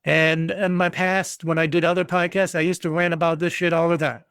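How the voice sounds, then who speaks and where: A man's voice: a little high, little pitch movement, brisk, creaky, fairly bright tone, smooth, no echo, clean studio sound. A middle-aged American man hosting a solo podcast, ranting bluntly and swearing freely. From United States. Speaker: podcast host.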